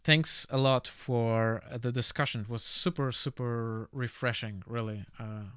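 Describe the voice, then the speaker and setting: A man with a Russian accent, a native Russian speaker, chatting casually while he draws on a live art stream. He pauses often to search for the right word, reflective and relaxed. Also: mid-range voice, clear, resonant tone, no room sound, studio quality. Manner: halting, often stops to search for words; relaxed, reflective, laughs easily.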